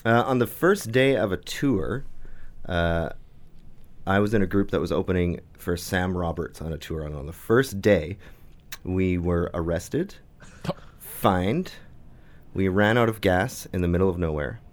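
A man's voice: deep voice, unhurried. A man, a guest on a chat show, telling stories in a playful, laughing way. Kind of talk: casual chat.

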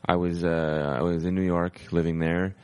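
A man's voice: low voice, level tone, moderate pace, darkish tone, smooth. A stand-up comedian, a man, telling a rambling anecdote in a casual podcast chat, full of "like" fillers. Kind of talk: casual storytelling.

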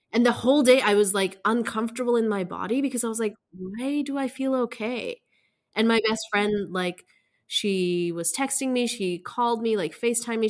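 A woman in a casual conversation, talking in a halting, emotional way with many fillers. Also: fairly high pitch.

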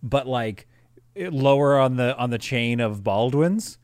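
A man's voice: mid-range voice, lively intonation, measured pace, a little mellow, dry recording. Wry man musing, dry close sound. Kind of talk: casual chat.

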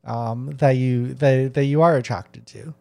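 A man's voice: mid-range voice, fairly even intonation, a little slow, gravelly, dark tone. A man hosting a podcast, chatting casually with many restarts and fillers. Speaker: podcast host.

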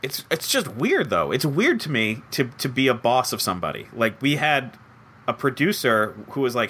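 Bright-voiced young man, animated interview answers. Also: mid-range voice, quick pace. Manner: animated, acts out quoted voices, self-deprecating. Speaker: head writer of a comedy show.

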